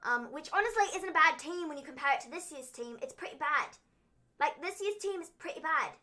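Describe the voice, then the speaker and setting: A woman's voice: high-pitched, lively intonation, brisk, sharp tone. A young woman hosting a wrestling recap livestream, chatting casually and teasingly, with frequent "um" and "like".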